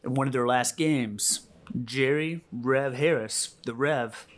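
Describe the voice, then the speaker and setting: Earnest motivational podcast host. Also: male voice, mid-range voice, takes it slowly. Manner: earnest, motivational, acts out quotes. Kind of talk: casual podcast chat.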